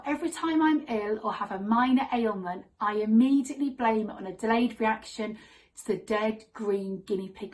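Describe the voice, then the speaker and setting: A woman telling a comic true story on stage in a wry, deadpan manner. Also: on the high side, poor audio.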